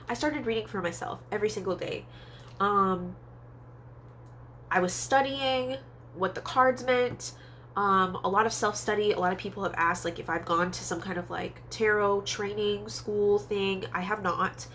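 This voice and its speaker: A woman's voice: a bit bright, a little hiss or hum. Chatty young woman telling a storytime. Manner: chatty and candid, many fillers, acts out quoted voices in a high pitch. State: stuffy nose from allergies. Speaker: psychic tarot reader and vlogger. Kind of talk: casual storytime monologue. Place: Hawaii.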